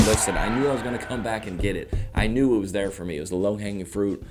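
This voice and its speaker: A man hosting his own show, talking through a casual comedic monologue with rambling jokes and quick self-mocking asides. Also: on the low side, a little mellow, faint music behind. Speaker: stand-up comedian, show host.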